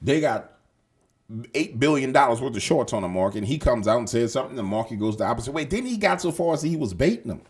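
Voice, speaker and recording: Slangy, animated male news commentator. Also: mid-range voice, fast, husky. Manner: profane, emphatic, slangy; rambling with repeated phrases. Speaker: show host.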